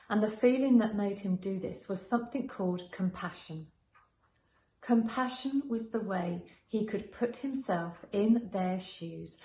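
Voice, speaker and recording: Woman explaining gently in an echoey room. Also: medium pitch. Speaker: school assembly presenter. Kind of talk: calm explanatory narration.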